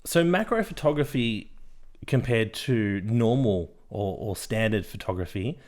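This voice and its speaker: A man's voice: on the low side, lively intonation, unhurried, darkish tone. A male podcast co-host explaining his topic in a rambling, casual way. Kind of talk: casual chat.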